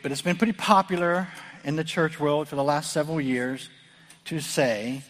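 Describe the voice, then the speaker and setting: A man's voice: medium pitch, fairly quick, long reverb tail. A middle-aged man from the Midwest, a pastor preaching a conversational sermon with earnest repetition and frequent restarts. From American Midwest.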